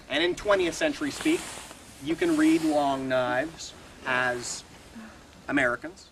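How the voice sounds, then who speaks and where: A man's voice: on the high side, a little slow, creaky, poor audio. A man guiding a ghost tour, telling stories to a group outdoors in a wry, chatty way. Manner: chatty, wry storytelling with chuckles. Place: outdoors at a historic fort. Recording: outdoor recording with steady background noise.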